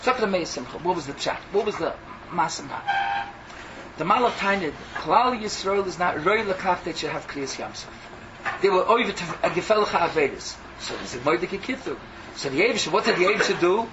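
A man preaching an animated sermon, mixing in Hebrew and phrases. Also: high voice, brisk, far from the mic, muffled recording, noisy background. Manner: excitable, mixes in Hebrew and Yiddish phrases.

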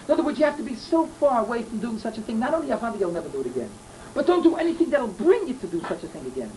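A man's voice: extremely high pitch, very animated, rapid-fire, darkish tone, slight background noise, poor audio. A man giving a Torah lecture, telling stories earnestly and repeating key phrases. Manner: earnest, repeats himself, mixes in Hebrew and Yiddish terms. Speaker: Torah teacher.

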